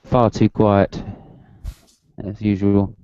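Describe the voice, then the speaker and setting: A man with a mellow, warm voice drawls slowly and jokes with friends on a call. The sound is dry and close, through a dull lo-fi mic. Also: on the low side, little pitch movement, clean tone. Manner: slow, joking, often laughing. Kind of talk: casual group video chat.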